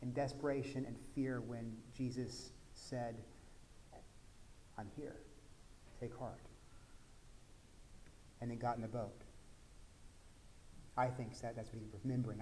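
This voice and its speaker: A man from Texas, a pastor, preaching a conversational sermon that swings from quiet asides to loud, emphatic peaks. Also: mid-range voice, a little hiss or hum.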